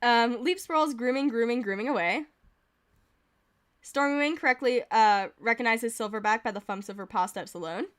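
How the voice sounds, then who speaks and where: A woman's voice: on the high side, normal speed, clear, resonant tone. A woman streamer giving casual, giggly commentary as she reads game events aloud.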